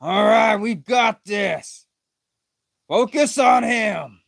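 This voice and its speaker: A man's voice: high voice, extremely slow, vocal fry, no echo, clean studio sound, voice pushed up, heavily acted. A man doing a squealing, brash young cartoon hero. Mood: excited. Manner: shouty, squealing.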